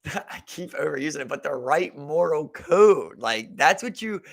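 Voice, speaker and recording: A man's voice: fairly high pitch, lively intonation, unhurried, creaky. A young man co-hosting a podcast, telling a profane story in casual chat and leaning heavily on "like" and "bro.". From Maryland. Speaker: podcast co-host.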